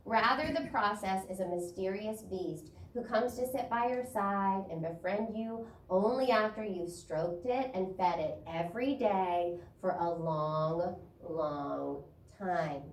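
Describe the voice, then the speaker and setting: A woman's voice: mid-range voice, slow pace, hardly any pauses. A woman spiritual leader giving a sermon, reading expressively from a book. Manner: expressive, animated reading, laughs easily. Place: church sanctuary. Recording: echoey room, distant mic, faint ambience.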